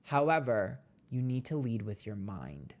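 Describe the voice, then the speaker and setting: A man giving a casual monthly tarot reading, blunt and profane, chatty and playful with sudden jumps in pitch. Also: big pitch swings, unhurried. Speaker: tarot reader.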